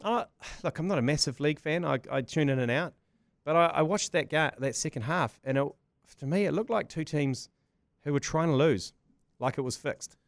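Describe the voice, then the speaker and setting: A New man hosting a sports podcast, chatting excitably with colorful slang and frequent laughs. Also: a little high, normal speed, no room sound, clean studio sound. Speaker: podcast host. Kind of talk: casual sports banter.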